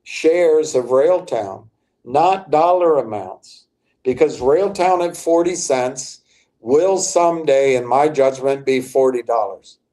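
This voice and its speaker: An older man hosting a livestream, rambling through stock-market commentary with halting restarts while he talks to his chat viewers. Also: medium pitch, warm tone.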